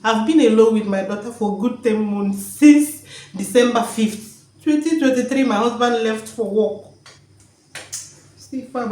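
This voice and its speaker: A woman's voice: a little high, unhurried, mellow, reverberant, poor audio. A woman talking emotionally in a vlog at home, joyful and repeating her words. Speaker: vlogger. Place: home, indoors.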